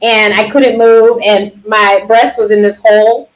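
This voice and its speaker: A middle-aged woman doctor telling a personal story on a panel, animated and often laughing. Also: mid-range voice, measured pace, low-quality recording.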